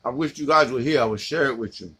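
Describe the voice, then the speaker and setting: A man vlogging a cereal mukbang, chatting in playful slang and dropping into low seductive asides to his bowl. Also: fast, a bit bright, slight background noise. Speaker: vlogger eating cereal on camera. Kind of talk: casual mukbang vlog.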